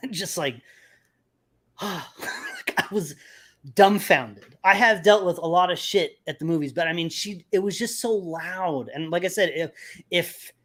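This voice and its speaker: A man hosting a podcast, telling a story in casual chat with lots of swearing and animated retelling. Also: fairly high pitch. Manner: profane, animated storytelling with laughs. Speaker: podcast host.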